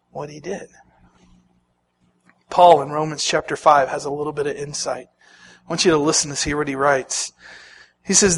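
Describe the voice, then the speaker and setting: Husky high-voiced man preaching a sermon. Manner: animated preaching, acting out quoted speakers, with sudden loud and soft turns. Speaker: pastor.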